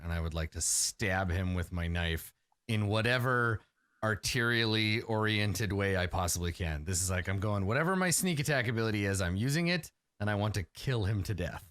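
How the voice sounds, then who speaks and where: Bright, blunt male player. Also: deep voice, moderate pace, smooth, no echo, clean studio sound. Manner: blunt, joking, reads rules aloud. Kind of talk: casual tabletop play.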